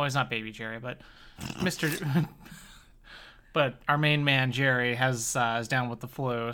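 A woman from Chicago co-hosting a podcast, giggly and animated, swearing casually as she recaps. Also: extremely low pitch, clear, resonant tone. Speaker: podcast co-host. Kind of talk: casual chat recapping a TV episode.

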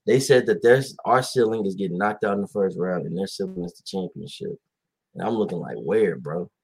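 A man's voice: sits low, fairly quick, vocal fry, darkish tone, breathy edge. A man hosting a casual talk show, rambling animatedly with many fillers and acted-out quotes. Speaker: podcast host. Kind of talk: casual chat about basketball.

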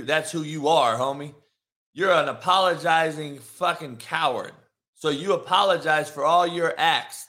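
A man hosting a live morning stream, ranting profanely and confrontationally, mocking and shouting at his chat. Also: on the high side. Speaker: live show host. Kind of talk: brash live-stream rant.

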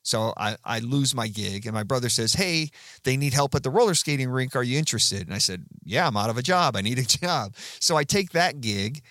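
Fifties male guest, easygoing storyteller, mid-pitched, dry close mic. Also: animated, brisk, fairly bright tone, no echo. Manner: chatty, rambling anecdotes with frequent fillers and restarts. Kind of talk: casual storytelling.

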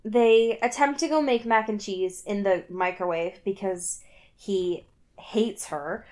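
A woman's voice: medium pitch, takes it slowly, a little mellow. A young woman casually recapping a story, laughing often and acting out the characters' lines. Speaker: co-host recapping a book. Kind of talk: casual chat.

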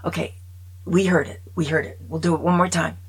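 A woman's voice: deep voice, steady tone, brisk, husky, rough recording. A woman chatting casually in her own video movie review, opinionated and dropping often into whispers.

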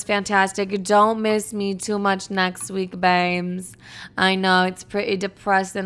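Chatty, profane young woman podcaster, smooth voice. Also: mid-range voice, flat delivery, unhurried, a bit bright. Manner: chatty, profane, playful, says "like" a lot. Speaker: podcast host. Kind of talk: casual solo podcast monologue.

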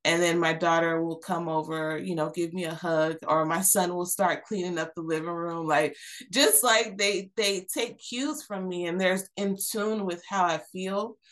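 A woman in her thirties speaks as a podcast guest in a fairly low voice. She talks earnestly and reflectively, circling back with fillers and restarts as she finds her words. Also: fairly even intonation, unhurried, fairly bright tone. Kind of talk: candid personal conversation.

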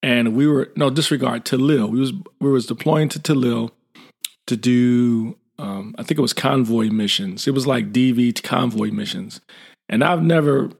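Gravelly middle-aged man telling war stories. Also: medium pitch, normal speed. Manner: lively, acts out quoted dialogue; blunt and informal. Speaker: military veteran guest. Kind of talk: casual storytelling.

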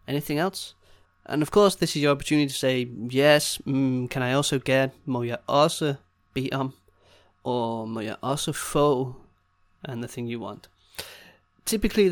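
A man teaching a casual Danish lesson, saying each phrase slowly and repeating it, then explaining it in easygoing English. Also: mid-range voice, smooth, dry recording.

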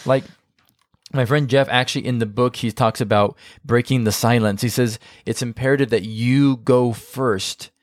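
A man co-hosting a podcast talks through marriage advice in a casual, animated way. His voice sits in the middle range. He keeps pushing his points with emphasis and stops to restart his sentences, recorded dry and close to the mic. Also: medium pitch, normal speed, no echo.

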